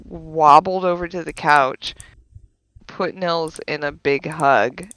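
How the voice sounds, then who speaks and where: A woman, a streamer and mother, chatting casually with friends during a game stream, telling animated stories with frequent laughter and swearing. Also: low voice, slow pace, smooth.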